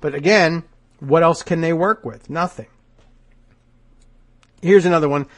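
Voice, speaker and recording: A man with a blocked nose hosts a political talk show, his voice sitting slightly higher than most men's. He reads quotes aloud and pauses to pick them apart. His tone stays sardonic and wry. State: stuffed nose. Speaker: podcast host. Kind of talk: political commentary.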